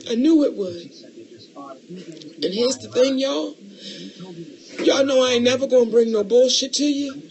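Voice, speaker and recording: A middle-aged woman co-hosting a podcast in casual chat, loud and emotional, swearing freely and calling callers baby. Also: high voice, measured pace, pauses often. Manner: loud, profane and emotional, calls listeners baby. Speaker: podcast co-host.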